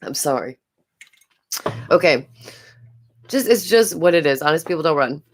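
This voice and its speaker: A woman's voice: low voice, lively intonation, normal speed. A woman with a New York accent giving casual live-stream commentary as the host. She is chatty, repeats her phrases, giggles often and has a stuffy nose.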